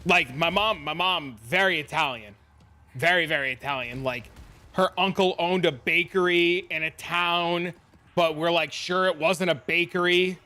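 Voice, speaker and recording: A man's voice: a little high, measured pace, bright, forceful tone. A man streaming, telling rambling, profane stories in casual chat. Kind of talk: casual storytelling.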